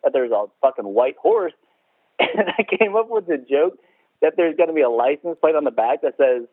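A man's voice: fairly high pitch, expressive, moderate pace, husky, no echo. A man hosting a podcast in casual chat, swearing freely, laughing often and acting out quotes. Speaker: podcast host. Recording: tinny phone-like sound.

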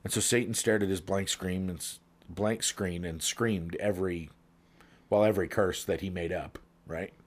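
A man casually telling long jokes as a podcast co-host, playful, jumping up in pitch for the characters in them. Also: fairly even intonation, moderate pace.

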